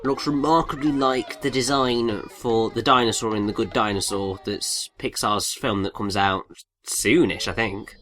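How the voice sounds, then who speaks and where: A man's voice: lowish voice, fairly even intonation, unhurried, fairly bright tone, soft background music. A man chatting casually beside a game playthrough, teasing his friends. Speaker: co-commentator. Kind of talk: casual gaming commentary.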